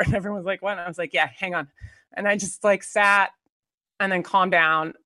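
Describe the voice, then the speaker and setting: An actress guest with a fairly low voice tells an anecdote in a casual interview, animatedly acting out quoted lines and laughing often. The sound is clean studio audio with no room sound.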